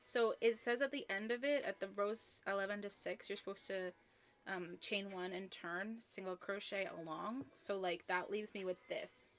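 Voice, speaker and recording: A woman's voice: mid-range voice, moderate pace, slight background noise. A young woman chatting casually on a crochet live stream, rambling with lots of ums and restarts.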